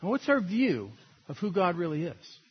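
Husky, lively-voiced pastor preaching conversationally. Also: male voice, high voice, normal speed, dull audio. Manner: conversational, storytelling, laughs at own points. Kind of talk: sermon.

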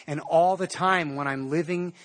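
A man preaching a sermon in a conversational way, with animated storytelling. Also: a little high, normal speed. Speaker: pastor.

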